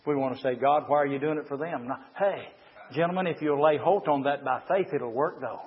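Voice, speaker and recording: A man preaching a fiery sermon, swinging from low murmurs to shouted climaxes and reading passages aloud to comment on them. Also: brisk. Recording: reverberant hall, muffled lo-fi sound.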